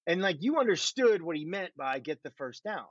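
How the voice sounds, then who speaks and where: A middle-aged man with a somewhat high voice recalls his playing days, teasing himself and laughing easily. The recording is muffled and dull, with a close, dead-dry sound. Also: big pitch swings, moderate pace, dry recording. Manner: self-deprecating, laughing storyteller. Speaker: former pro quarterback. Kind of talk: casual conversation.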